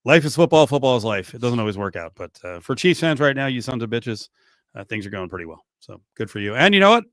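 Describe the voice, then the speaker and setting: A middle-aged man hosting a sports radio show in a studio, joking and animated. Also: mid-range voice, fast, no room sound. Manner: animated, joking, swings from mutter to near-shout. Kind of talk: casual sports talk. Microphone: studio mic.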